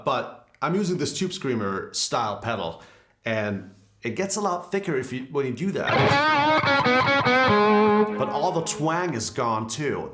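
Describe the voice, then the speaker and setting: A man's voice: mid-range voice, fairly bright tone. Man demoing guitar tone in a roomy space. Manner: loose and conversational, with frequent fillers. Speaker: guitar teacher. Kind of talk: casual gear demonstration. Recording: echoey room with faint guitar music.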